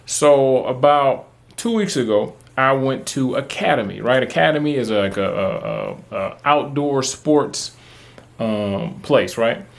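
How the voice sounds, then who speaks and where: A man's voice: medium pitch, animated, slow pace, vocal fry. A man, talking to camera in a casual, rambling, profane way, full of fillers. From Texas. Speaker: vlogger. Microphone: camera mic, talking to camera.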